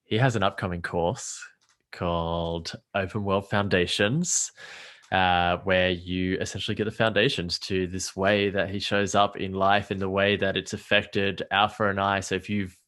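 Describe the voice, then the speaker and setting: A man with a very low voice closes out a podcast episode. He thanks the guest earnestly and talks about what the listeners can find next. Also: little pitch movement, moderate pace, fairly bright tone. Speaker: podcast co-host.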